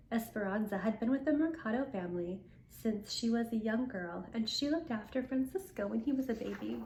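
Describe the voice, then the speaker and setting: An older woman, the show's host, reading a picture book aloud in a gentle, chatty way. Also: on the high side, fairly quick, hardly any pauses, roomy sound, a little hiss or hum. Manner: gentle, chatty explanations, careful with foreign phrases. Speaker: storyteller.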